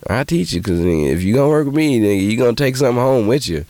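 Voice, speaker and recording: A man hosting a podcast who tells profane, animated stories in casual monologue and jumps into high voices when he quotes people. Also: quick pace, no echo. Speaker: podcast host.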